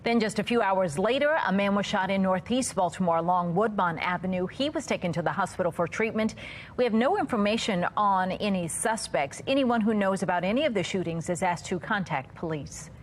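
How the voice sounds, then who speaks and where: A woman anchoring a morning TV newscast in a studio, reading headlines in a crisp, measured way. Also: medium pitch, slight background noise. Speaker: news anchor.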